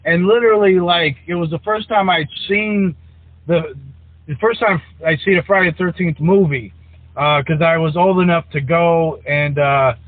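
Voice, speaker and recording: A man's voice: fairly high pitch, normal speed, no echo. A man co-hosting a casual movie podcast, rambling with lots of restarts and fillers. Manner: rambling, many likes and restarts. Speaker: podcast co-host. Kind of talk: casual chat. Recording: dry, tinny phone-like sound.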